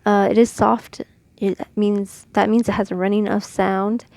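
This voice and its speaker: A woman from Mexico teaching letters and their sounds in a casual, patient lesson, demonstrating each sound slowly. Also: medium pitch, level tone, gravelly, darkish tone, no echo. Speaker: Quran reading teacher.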